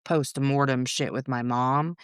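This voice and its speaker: Frank, foul-mouthed woman with a smooth voice. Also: very deep voice, fairly even intonation, no echo, clean studio sound. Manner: frank, swears freely, rapid rambling asides. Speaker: podcast guest. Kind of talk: candid conversational storytelling.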